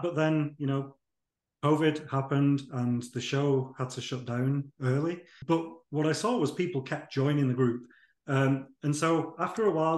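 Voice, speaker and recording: A man from the UK, a guest answering interview questions in a relaxed, explanatory way. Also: mid-range voice. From United Kingdom. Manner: relaxed, explanatory, with small restarts. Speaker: guest, fan community founder. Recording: echoey room sound.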